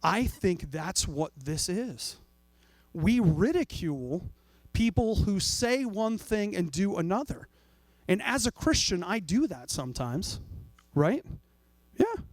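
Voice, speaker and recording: High-voiced joking pastor, dry sound. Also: male voice, lively intonation, slow, no room sound. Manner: jokey, acts out voices of people and God. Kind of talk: casual conversational sermon.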